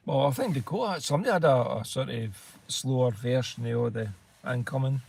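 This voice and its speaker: A man's voice: mid-range voice, fairly quick, creaky, a little mellow, a little hiss or hum. A man with a Scottish accent co-hosting a casual livestream, trading dry jokes with the host. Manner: dry, joking banter.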